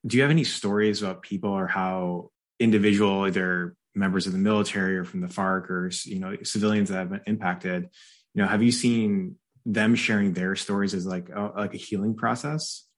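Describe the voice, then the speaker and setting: A military veteran interviewing a guest, speaking haltingly with many fillers and repeated words. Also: male voice, low-pitched, fairly even intonation. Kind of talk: conversational questions.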